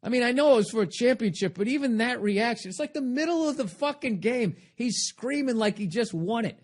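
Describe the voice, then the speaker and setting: A man's voice: very high-pitched, expressive, a little fast. A man hosting a podcast, delivering a rambling, sarcastic comedic rant full of swearing. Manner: sarcastic, self-mocking. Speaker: podcast host.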